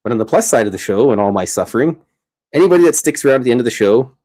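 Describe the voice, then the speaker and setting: A man's voice: medium pitch, lively intonation, rapid-fire, dark tone. A man hosting a casual livestream from his home art studio, chatting while he draws, rambling and cutting himself off mid-sentence. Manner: rambling, self-interrupting, chatty. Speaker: streamer host.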